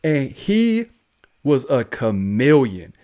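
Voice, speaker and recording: Animated man from Ohio telling stories. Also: medium pitch, takes it slowly. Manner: animated, acts out voices in his stories. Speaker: police officer. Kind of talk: casual podcast storytelling.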